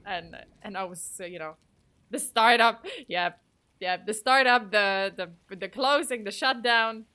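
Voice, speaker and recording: A woman's voice: a little high, bright, forceful tone. A woman in her thirties from Poland chatting casually on a livestream, rambling, swearing and laughing often. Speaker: streamer.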